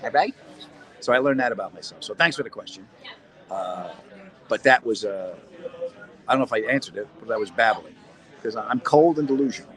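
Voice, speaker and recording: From a cold indoor cellar corner, a middle-aged comedian and actor streams live, rambling, cracking jokes and fielding viewer questions. He talks fairly quickly but pauses often, in a lowish, fairly bright voice, captured on a rough recording.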